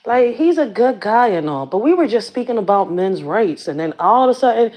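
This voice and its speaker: A woman with a fairly high voice holds forth to her camera in a casual rant, swearing freely and slipping into slang. Her pitch jumps all over the place as she tells her story, lively and expressive from line to line. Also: quick pace, hardly any pauses. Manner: blunt, profane, slangy storytelling. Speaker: community activist and channel host.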